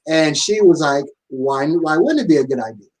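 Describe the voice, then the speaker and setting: A man co-hosting a podcast who tells his side of the story in a measured, fact-focused way and sometimes teases with playful interruptions. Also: on the high side, lively intonation, darkish tone, distant mic, poor audio. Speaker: podcast co-host. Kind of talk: casual conversation.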